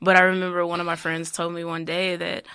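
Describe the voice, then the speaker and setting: A male podcast host talks in an easygoing way, filling his questions with "like" and soft restarts. His voice has a gravelly, fried edge with a bright, forward tone. The sound is dry and close, with no room behind him. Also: high voice, fairly quick, dry recording. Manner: relaxed, trailing fillers like "like". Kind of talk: casual interview chat.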